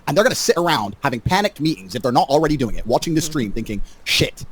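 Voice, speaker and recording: Fast, high-pitched defiant man. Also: very animated. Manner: defiant, rallying, addresses viewers directly. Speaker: online personality. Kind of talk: livestream monologue.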